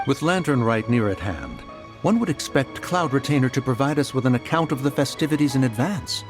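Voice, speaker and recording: A man plays an ancient spirit beast in a game, lofty and weary, speaking in stiff archaic phrasing. His voice rises and falls with lively inflection over a musical score. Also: mid-range voice, fairly quick, over music, close to an everyday voice. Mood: solemn. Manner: archaic formal speech, refers to self as one.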